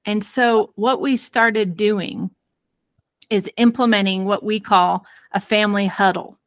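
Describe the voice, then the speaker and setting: An expressive woman recounting her own family story as an interview guest. Her voice sits at an ordinary middle pitch, and she talks earnestly with easy laughter. The sound is close and dry. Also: measured pace, no echo. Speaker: parenting expert guest. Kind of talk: personal storytelling in a podcast interview.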